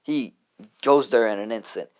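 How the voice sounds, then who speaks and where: A man's voice: medium pitch, normal speed, clear, resonant tone. Man, casual improvised story retelling, rambling, filler-heavy, offhand delivery. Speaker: fan storyteller.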